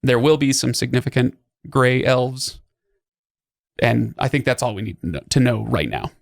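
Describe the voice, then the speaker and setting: A man's voice: mid-range voice, moderate pace, creaky, no room sound, studio quality. A man hosting a podcast, explaining at length in a casual way with lots of fillers and restarts. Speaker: podcast host.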